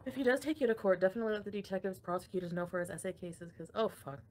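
A young woman hosting a relaxed livestream speaks very fast in a medium-pitched, slightly mellow, steady voice. Reading the chat, she rants, curses plenty and laughs often.

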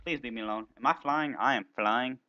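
A man playing a video game and commentating, excitable, playful, often yelping and exclaiming. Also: medium pitch, brisk, muffled recording, background noise. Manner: silly, playful banter at other players. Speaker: gaming video host.

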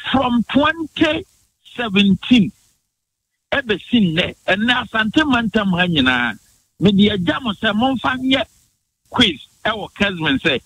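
A man's voice: high voice, expressive, a bit bright, husky, poor audio. A man from Ghana's Bono region with a Ghanaian accent, a guest on a radio morning show, arguing politics emphatically and mixing in English phrases. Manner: emphatic, rapid-fire, mixes in English phrases. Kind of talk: heated political argument on radio.

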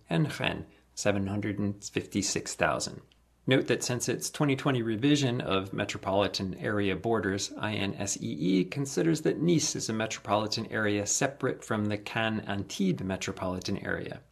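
A man with a low, gravelly voice reads an encyclopedia article aloud. His tone is husky and a little rough, and he moves through long lists in a steady cadence, lifting each new item. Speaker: volunteer reader.

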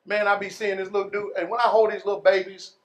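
High-voiced preacher swinging from shouts to murmurs. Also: male voice, level tone, background noise. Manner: preaching with sudden shouts and drawn-out words; folksy, calls the congregation y'all and man. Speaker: pastor. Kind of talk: sermon.

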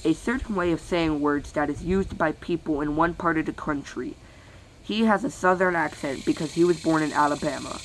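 Someone slogging through a dictionary out loud, real slow, tripping on words, sighing, faint hiss behind. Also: mid-range voice, poor audio. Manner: halting, stumbling over words with weary sighs. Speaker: channel host reading aloud. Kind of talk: reading a dictionary aloud.

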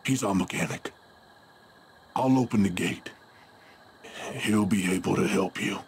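A small-town man in a horror game, played by a man speaks with a very slow, drawling delivery. His voice sits low and a faint hum of background noise runs under it. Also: vocal fry. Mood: cautionary. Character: slow-spoken townsman who helps a stranger.

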